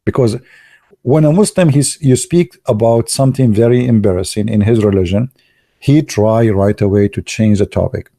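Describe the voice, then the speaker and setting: Gravelly-voiced man. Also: mid-range voice, mellow, dry recording, clean studio sound. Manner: halting, many fillers and restarts, sarcastic asides. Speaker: online commentator. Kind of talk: casual live commentary.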